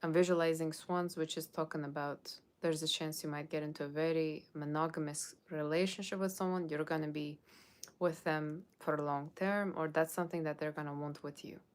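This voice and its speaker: During a live tarot session, a woman with a low-pitched voice talks at a moderate speed with fairly even intonation. Loose and rambling, she keeps saying "like" and "okay?" while reading out viewer comments and replying in a playful, put-on Halloween voice.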